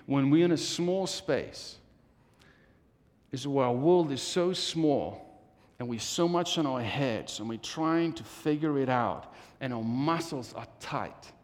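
A man preaching a sermon, repeating phrases, rising to loud emphasis and dropping to hushed near-whispers. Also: mid-range voice, slow pace. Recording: long hall reverb.

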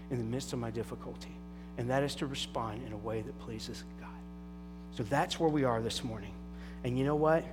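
Animated male pastor in a reverberant hall. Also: a little high. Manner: animated storytelling with emphatic asides. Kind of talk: sermon. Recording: long hall reverb with faint music.

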